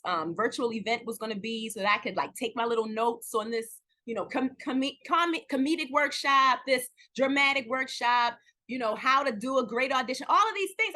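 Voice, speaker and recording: A woman, an actress, chatting candidly in an interview, telling stories with lively acted-out quotes and at times close to tears. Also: on the high side. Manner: animated storytelling, acts out quoted dialogue, near tears at times. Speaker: guest actress.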